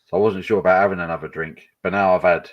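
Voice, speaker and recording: Low-voiced laid-back man. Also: steady tone, fast talker, lo-fi sound. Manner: laid-back, laughs easily. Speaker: co-host. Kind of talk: casual livestream chat.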